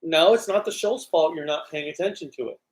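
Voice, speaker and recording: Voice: medium pitch, a little fast. A co-host in casual chat, critical and insistent about a TV show's writing. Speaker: podcast co-host.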